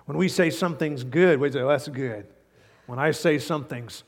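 A man preaching a sermon as pastor, animated and stretching words for emphasis. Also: mid-range voice, normal speed, in a large hall. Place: church sanctuary.

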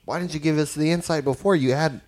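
A man's voice: a little high, fairly even intonation, fast talker, a little mellow. A man in a casual food-review chat with friends, talking loosely with teasing, profane banter.

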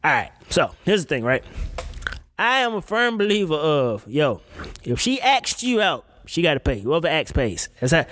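A man's voice: a little high, big pitch swings, moderate pace, a bit bright. A man hosting a casual talk show, ranting in an emphatic, profane, slang-heavy way. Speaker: podcast host. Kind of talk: casual opinion rant.

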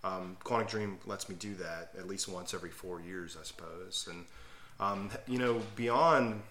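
A man's voice: low voice, moderate pace, bright, forceful tone. A man co-hosting a podcast in casual chat, explaining at length and with enthusiasm. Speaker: podcast co-host. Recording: roomy echo.

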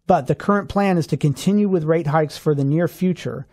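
A man co-hosting a radio finance show, explaining rules step by step in a steady, clear way. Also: fairly high pitch, fairly quick. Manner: steady explanatory, walks through examples step by step. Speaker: financial advisor co-host.

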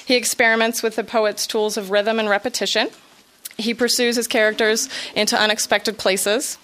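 A woman who teaches a writing workshop, giving a measured, prepared introduction of a reader at a reading. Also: a little high, flat delivery, a bit bright.

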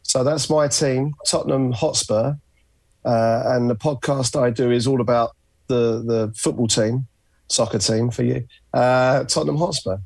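A man's voice: medium pitch, steady tone, unhurried, creaky, a little mellow, husky, dry recording. A man with a North London accent, a podcast guest telling stories in a chatty, easygoing way. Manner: chatty storyteller, many uh fillers. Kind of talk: casual podcast chat.

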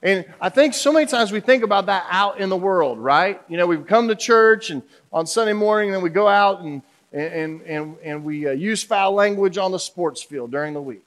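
A man's voice: high voice, expressive, moderate pace, few pauses, fairly bright tone. A male pastor preaching a sermon in a humorous, conversational way, often asking the congregation questions.

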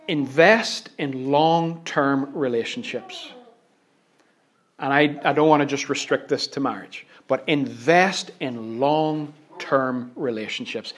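A man with a Northern Irish accent preaching a sermon, driving points home by repeating phrases and swinging between hushed asides and loud stresses. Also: mid-range voice, slow.

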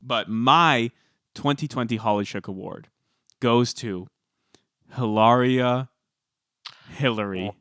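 Podcast guy, animated storytelling, mid pitch, dry close mic. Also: a little slow, dry recording. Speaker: podcast co-host. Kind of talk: casual podcast chat.

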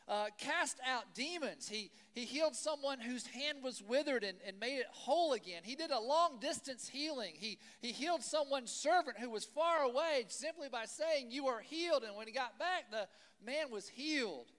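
A man preaching a sermon in a church, chatty and animated, full of rhetorical questions and asides. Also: very high-pitched, normal speed, hardly any pauses. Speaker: pastor. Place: church hall. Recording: long hall reverb.

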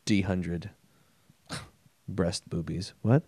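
Man, podcast co-host, lively pitch, dry close sound, joking banter. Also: moderate pace, no room sound. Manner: rambling, laughing, playful.

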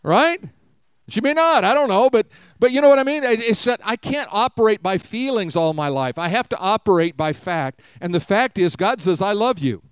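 A man's voice: sits high, expressive, moderate pace, smooth, no room sound. A man preaching a conversational sermon to a live congregation, often asking them questions. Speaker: pastor. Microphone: live-streamed service mic.

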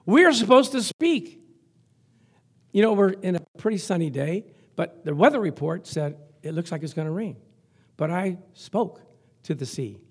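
A male pastor preaching a lively sermon, chuckling often and reading scripture aloud. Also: high voice, normal speed, slightly rough.

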